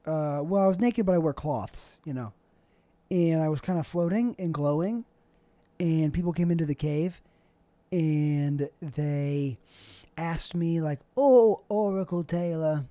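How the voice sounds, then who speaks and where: A man's voice: on the high side, unhurried, mellow, dry recording. A young man hosting a solo podcast, rambling through a loose, self-deprecating monologue with jokey asides. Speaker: podcast host.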